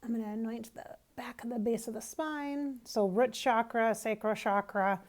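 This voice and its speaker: A woman giving a casual spiritual reading to her viewers, musing aloud and feeling her way with soft asides. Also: on the high side, moderate pace, few pauses. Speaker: intuitive reader.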